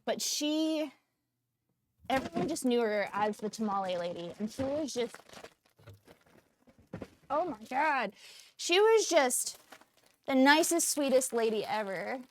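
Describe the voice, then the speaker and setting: Woman, cooking stream host, chatty and animated, slightly high voice, home kitchen feel. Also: slow pace, pauses often, a little hiss or hum. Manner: animated, chatty, frequent pitch jumps and excited outbursts. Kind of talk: casual cooking livestream chat.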